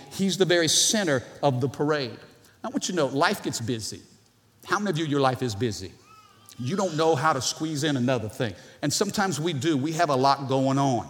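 A man preaching a sermon as pastor in a church, animated, with playful asides to the congregation. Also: on the high side. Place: church sanctuary. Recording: long hall reverb from the church.

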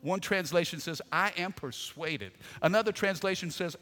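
Pastor guy preaching hard, high voice, calls and shouts back and forth with the crowd, big echoey church hall. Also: moderate pace, few pauses. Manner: energetic preaching with call-and-response and shouted refrains. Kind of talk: sermon. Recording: long hall reverb.

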